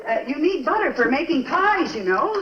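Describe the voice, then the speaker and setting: An actress playing a scatterbrained, scheming young wife who talks in a flustered, wheedling, comic way in a 1950s sitcom. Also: female voice, sits high, very animated, normal speed. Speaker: lead. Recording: dull noisy 1950s TV soundtrack.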